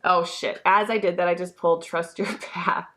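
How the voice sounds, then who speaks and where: A woman's voice: on the low side, steady tone, moderate pace, a bit bright. Chatty young woman reading tarot. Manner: chatty, emotional, swears freely, many fillers. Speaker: tarot reader. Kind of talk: casual tarot reading monologue.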